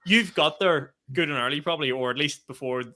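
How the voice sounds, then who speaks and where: A man, co-hosting a podcast in blunt, sweary casual chat, quick to react. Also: on the high side, pushed and bright. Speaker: podcast co-host.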